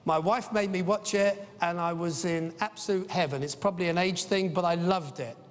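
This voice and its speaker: High-voiced man in an echoing hall. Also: normal speed. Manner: enthusiastic, anecdotal, with frequent "uh" fillers. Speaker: conference speaker. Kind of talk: business conference presentation. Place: large conference hall. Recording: long reverb of a conference hall.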